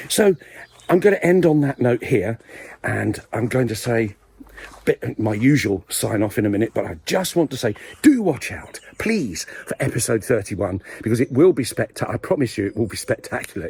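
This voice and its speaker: Standing in a village graveyard, an English video blogger delivers a rambling, mock-serious satirical monologue full of playful asides. His voice is medium-pitched, a little mellow, with a breathy edge.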